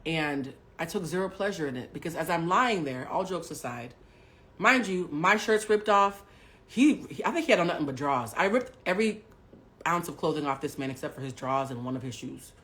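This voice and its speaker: A woman with a slightly low-pitched voice tells a personal story to her live-stream audience. She swears freely and talks straight to the chat. Her delivery swings between hushed, confiding asides and loud outbursts. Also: lively intonation, brisk.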